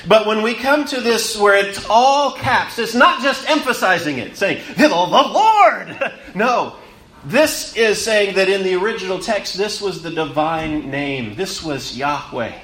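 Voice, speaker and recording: A man delivers a sermon in a high, bright voice, slow and deliberate. He swells on key words, then drops low and hushed, repeating phrases for emphasis. The room around him is echoey. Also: expressive. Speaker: preacher.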